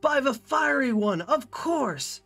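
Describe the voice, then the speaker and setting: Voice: mid-range voice, big pitch swings, moderate pace, pushed and bright, breathy edge, faint music behind, full character voice. A streamer voicing a proud, grandiose tattooed male wizard in a fantasy video game, with a pompous, exclaiming delivery.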